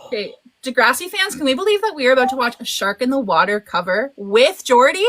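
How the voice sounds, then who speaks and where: A woman hosting a live stream, chatting in a gushing, excited, exclamatory way. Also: sits high, quick pace, crowd noise. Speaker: podcast host.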